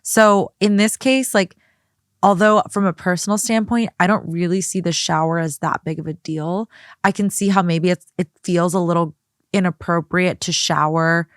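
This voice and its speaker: A woman's voice: lowish voice, steady tone, normal speed, smooth, no echo, clean studio sound. A young adult woman co-hosting a podcast, chatty and opinionated in casual talk. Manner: opinionated, chatty, lots of fillers. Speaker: guest co-host. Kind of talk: casual chat.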